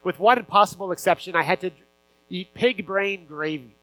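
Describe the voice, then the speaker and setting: A man's voice: high-pitched, moderate pace, sharp tone, dry recording, rough recording. A man preaching as a pastor, telling a story earnestly, with fillers and restarts. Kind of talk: sermon.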